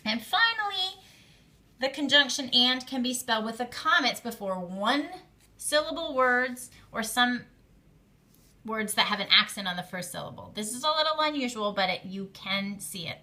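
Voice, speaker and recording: Bright-voiced woman teaching Hebrew grammar. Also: a little high, lively intonation, moderate pace. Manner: patient, explains step by step with fillers. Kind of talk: classroom grammar lecture.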